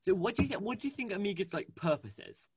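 A man co-hosting a casual fan chat, animated and gushing, with lots of fillers and restarts. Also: high voice, fast, slightly rough. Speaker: podcast co-host. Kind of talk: casual fan chat about a cartoon series.

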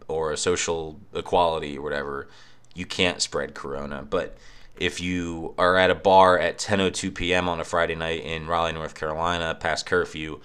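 A man's voice: low-pitched, fairly bright tone, smooth. A young man on a cheap microphone at home in his apartment, ranting casually with a profane, sarcastic edge. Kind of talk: casual rant.

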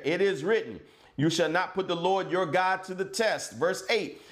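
A male pastor preaches with fervor, and his voice sits high for a man. He climbs to ringing shouts and then drops low and quiet. The sound carries the echo of a church room. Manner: impassioned preaching, rising to shouts and dropping low. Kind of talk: sermon.

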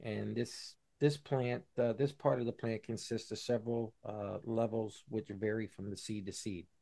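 A man's voice: on the low side, steady tone, moderate pace, vocal fry, warm tone. A man from upstate New York co-hosting a casual podcast, explaining at length with many fillers and restarts. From Buffalo, New York. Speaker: podcast co-host. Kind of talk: casual chat.

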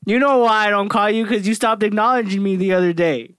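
High-voiced profane joking man. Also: steady tone, fairly quick, a bit bright, smooth, no room sound, clean studio sound. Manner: profane, joking, laughs often. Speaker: podcast co-host. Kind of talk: casual chat.

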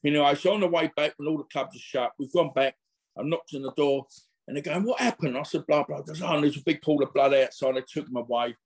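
A man's voice: a little high, fast. A middle-aged man, an interview guest telling long, slangy anecdotes full of restarts and acted-out quotes. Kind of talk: casual anecdotal storytelling.

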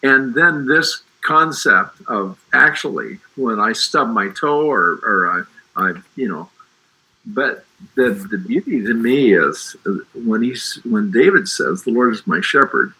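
A man's voice: fairly low pitch, animated, unhurried, pushed and bright, breathy edge, low-quality recording. A middle-aged man talking about faith in an emphatic, preacherly way, often restarting his sentences. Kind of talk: faith discussion.

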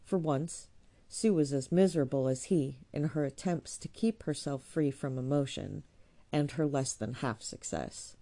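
A woman narrating a classic novel in a measured, expressive reading voice. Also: a bass voice. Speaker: audiobook reader.

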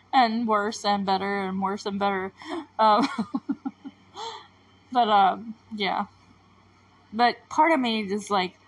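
A woman's voice: mid-range voice, low-quality recording. A woman hosting a TV recap podcast, talking casually and rambling with lots of filler words. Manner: chatty and rambling, full of fillers.

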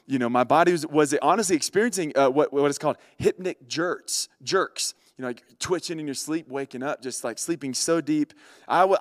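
A chatty man tells a story straight to his audience, animated and casual. His voice sits a bit high, and the sound is dry and close. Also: no echo. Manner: animated, chatty, addresses listeners directly. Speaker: vlogger.

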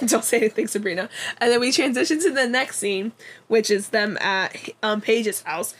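A woman's voice: medium pitch, fairly bright tone. A young woman co-hosting a podcast, casually recapping a TV episode in a chatty way, full of "like" and acted-out quotes. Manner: chatty, lots of "like" and quoted dialogue. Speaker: podcast co-host.

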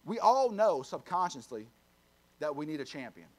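Fervent pastor with a high voice. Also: male voice, big pitch swings, moderate pace. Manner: emphatic preaching with sudden loud surges and low asides. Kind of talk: sermon.

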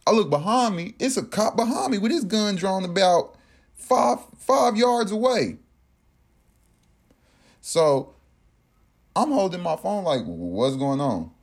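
Man telling a story, animated and profane. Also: high-pitched, takes it slowly, vocal fry, pauses often, breathy edge. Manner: animated, profane, acts out quotes. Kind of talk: casual storytelling.

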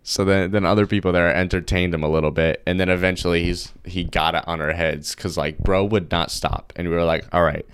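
Deep-voiced young man, rambling. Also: fairly even intonation, a little fast, hardly any pauses, slight background noise. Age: young adult. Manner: rambling, slangy, full of fillers. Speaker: podcast host. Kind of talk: casual solo podcast chat.

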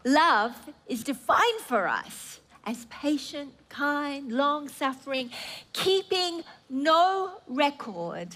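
Woman preacher, high voice, unhurried, earnest and emphatic delivery with occasional restarts. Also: very animated, fairly bright tone. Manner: earnest, emphatic, drawn-out phrases with stammering restarts. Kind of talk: sermon.

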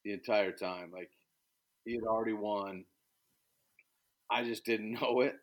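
A man's voice: steady tone, measured pace, low-quality recording. A man talking as a podcast guest in casual conversation, bold and direct, stumbling into restarts as he speaks with emphasis. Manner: jumps to high, loud voices when quoting others.

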